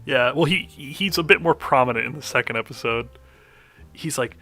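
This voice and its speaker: A man's voice: mid-range voice, moderate pace, bright, forceful tone. A young man chatting on a podcast, retelling an anime plot in a rambling way full of fillers and laughs. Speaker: podcast co-host. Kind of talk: casual chat recapping an anime.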